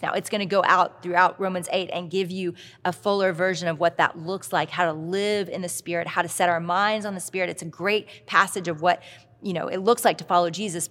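A woman's voice: lowish voice, fairly bright tone. A middle-aged woman speaking at a Christian leadership event, telling confessional stories and addressing the crowd directly. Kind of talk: conference talk. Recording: long hall reverb from a live talk.

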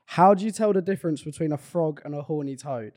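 A man's voice: fairly high pitch, fast talker, a little mellow. A young man co-hosting a podcast, jokey and self-conscious, laughing a lot. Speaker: podcast co-host. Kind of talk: casual chat.

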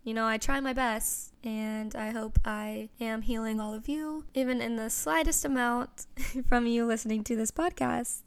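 A woman's voice: a little high, fairly even intonation, normal speed, clean tone. A young woman hosting her own podcast, talking casually and earnestly with lots of "you know" asides. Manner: chatty, earnest and gushing, with frequent "you know". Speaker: podcast host. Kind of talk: casual solo podcast chat.

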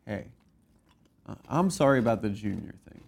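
A man's voice: fairly low pitch, expressive, normal speed, creaky. A man co-hosting a podcast, teasing and pushing back in casual comedic banter. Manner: teasing, pushy. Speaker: podcast co-host.

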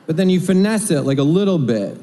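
Comedian telling jokes in a reverberant club. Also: male voice, high voice, animated, fairly quick, warm tone, a little hiss or hum. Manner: observational storytelling with acted-out voices. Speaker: stand-up comedian. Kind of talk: stand-up comedy set. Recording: live club recording with long reverb and faint crowd ambience.

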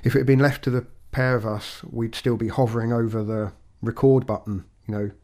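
A man co-hosting a podcast, talking in a measured, reflective way with frequent restarts. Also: mid-range voice, fairly even intonation, darkish tone. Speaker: podcast co-host.

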